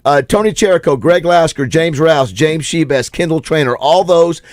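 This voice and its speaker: A man's voice: a little high, normal speed, dry recording, clean studio sound. A man, co-hosting a morning radio show, telling stories in a rambling, laughing way with lots of fillers. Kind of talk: casual morning radio banter. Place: radio studio.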